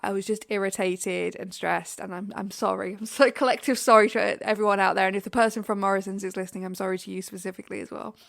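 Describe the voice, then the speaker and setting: A woman's voice: medium pitch, steady tone, fast, creaky, hardly any pauses, no echo, studio quality. A young British woman co-hosting a podcast, ranting in exasperation about everyday irritations and then laughing at herself. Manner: exasperated ranting, self-deprecating. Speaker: podcast co-host. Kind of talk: casual chat.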